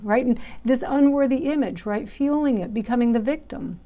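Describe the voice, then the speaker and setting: A woman teaching a meditation class in a conversational way, often checking in with "right?" and dropping into soft, soothing asides. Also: fairly high pitch, normal speed, few pauses.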